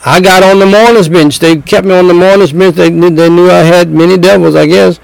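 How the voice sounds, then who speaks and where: A middle-aged man preaching a sermon, slow and emphatic, repeating phrases and telling stories. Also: sits high, fairly even intonation, vocal fry, clean tone, dry recording, low-quality recording.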